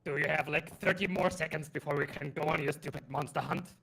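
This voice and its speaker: Man, player, non-native English accent, bright tense voice, a bit high, playful, grumbles in character. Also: fairly even intonation, quick pace, gravelly, slightly rough. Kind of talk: tabletop role-play.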